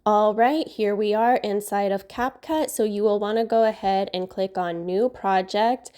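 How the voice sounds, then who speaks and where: A woman hosting a software tutorial, upbeat and enthusiastic, her voice nasal from a recent cold. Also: mid-range voice, unhurried, over loud music. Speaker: video tutorial host. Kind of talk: screen-recorded software tutorial.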